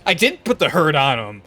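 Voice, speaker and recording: A woman's voice: low voice, sharp tone. A woman streaming a video game, ranting in a profane, exasperated way and laughing at her own complaints.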